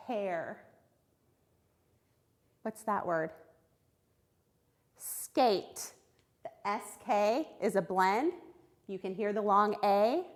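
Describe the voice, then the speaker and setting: A woman teaching a recorded phonics lesson to young children, sounding out words clearly and praising answers. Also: mid-range voice. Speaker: third grade reading teacher.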